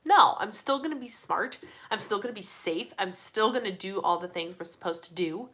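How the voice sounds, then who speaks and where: A young woman chatting casually on a live stream, reading viewer comments, animated and full of fillers like "like". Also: mid-range voice, moderate pace. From Midwestern United States. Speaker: host of a live community chat.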